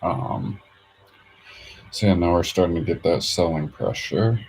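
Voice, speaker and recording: A man with a low, gravelly voice talks his way through live trading at an unhurried pace, hesitating often with fillers. A faint hiss of noise sits under the recording. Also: big pitch swings, darkish tone, rough recording. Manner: hesitant, many fillers, thinks aloud. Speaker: day trader streaming his charts. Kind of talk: casual thinking-aloud commentary.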